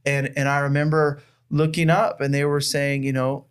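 A man's voice: fairly high pitch, level tone, moderate pace, few pauses, smooth. Earnest man sharing a heartfelt testimony. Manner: earnest, heartfelt storytelling with frequent restarts. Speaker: church planter. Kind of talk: personal testimony in a conversation.

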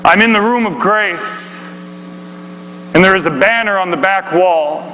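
A male preacher tells a story sermon with dramatic swings from hushed to shouted. His voice is bright and fairly high. It rings in a hall with long reverb over a faint hum. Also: measured pace.

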